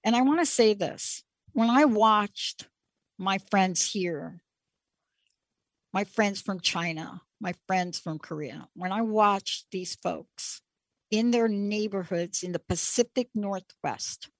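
A middle-aged woman hosts a show and tells a personal story at a slow, unhurried pace. She sounds reflective and emphatic, and she leans on repeated words. Her voice is close and dry, with no room sound around it. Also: medium pitch, dry recording. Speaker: show host.

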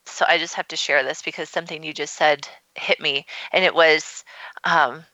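A woman co-hosting a radio talk show, telling stories in a chatty, animated way with lots of fillers. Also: low voice, normal speed, dry recording, dull audio. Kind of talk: casual conversation.

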